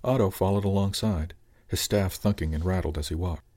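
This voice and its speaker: A man narrating an audiobook chapter in a calm, even storytelling manner. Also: deep voice, brisk.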